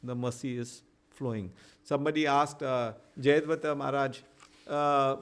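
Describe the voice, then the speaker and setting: A man teaching a devotional scripture class, stopping to translate himself line by line, with halting restarts. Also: medium pitch, fairly even intonation, clean tone. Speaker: preacher.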